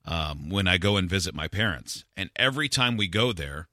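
A man's voice: low-pitched, expressive, a little fast, bright, forceful tone, no echo. A man hosting a casual radio chat, telling stories and cracking dry jokes.

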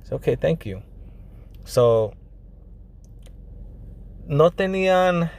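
A man's voice: a little high, expressive, slow pace, vocal fry, a little mellow. A young man casually telling a personal story, profane and slangy, full of fillers like "like" and "you know," dropping in bits of Spanish. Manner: drops Spanish phrases into English.

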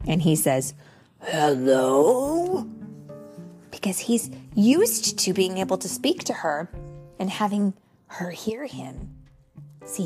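A young woman reading a picture book aloud to a child, slow and expressive with gentle exclamations. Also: mid-range voice. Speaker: storybook reader.

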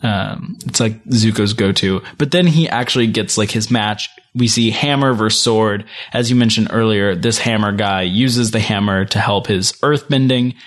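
A man's voice: on the low side, moderate pace, hardly any pauses. A man co-hosting a casual recap podcast, rambling and filling his sentences with "like" and "um". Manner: rambling, heavy use of "like" and "um". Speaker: podcast co-host recapping an episode. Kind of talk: casual chat.

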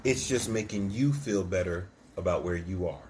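A man co-hosting a casual faith chat, telling stories with animated quoted voices and frequent laughs. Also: deep voice, normal speed, a little hiss or hum. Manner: storytelling, animated, acts out quotes, laughs often. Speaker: co-host of a church podcast.

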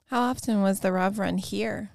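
A woman's voice: mid-range voice, steady tone, normal speed, vocal fry, dry recording, studio quality. A woman playing a tabletop role-playing game, asking questions in character in a playful, teasing way. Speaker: player.

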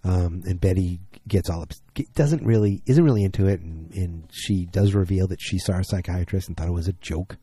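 Man, tired, casual rambling recap, dark mellow tone, dry close sound, faint music. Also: low-pitched, brisk, hardly any pauses, husky, dry recording. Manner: rambling, with frequent fillers and restarts. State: tired, late at night. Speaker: TV episode recapper.

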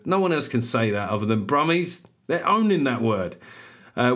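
A man, hosting his podcast in a loud, animated, self-mocking comic monologue with plenty of swearing. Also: on the low side, brisk. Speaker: podcast host and stand-up comedian.

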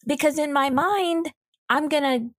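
A woman co-hosting a casual gaming podcast, telling an animated, ranting complaint. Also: high-pitched, a little slow, no room sound, clean studio sound. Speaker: podcast co-host.

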